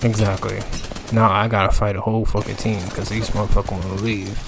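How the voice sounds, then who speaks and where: A man's voice: lowish voice, level tone, brisk, vocal fry, noisy background. A young man giving profane, exasperated commentary over his gameplay, ranting about his teammates. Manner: exasperated, ranting, heavy swearing. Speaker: gaming channel commentator.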